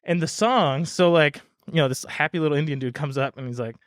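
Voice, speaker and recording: A man hosting a podcast, telling a long story in a relaxed chat and acting out the other people's lines. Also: on the high side, brisk, no echo, studio quality. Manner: animated storyteller, acts out quoted voices. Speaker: podcast host.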